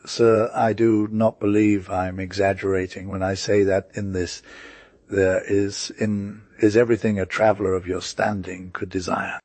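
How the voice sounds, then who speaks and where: A man reading a polite, formal waiter from an old stage comedy, low voice, dry close sound. He is eager to please and speaks stiffly. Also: little pitch movement, normal speed, darkish tone, dry recording. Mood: deferential. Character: obliging inn waiter.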